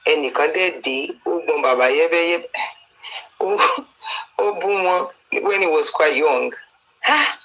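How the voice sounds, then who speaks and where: A man's voice: fairly high pitch, unhurried, fairly bright tone, rough recording. A man with a Nigerian Yoruba accent earnestly exhorting and pleading, quoting the Bible and telling stories. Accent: Nigerian, Yoruba-speaking. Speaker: preacher addressing a campaigner. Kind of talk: exhortation mixing English and Yoruba.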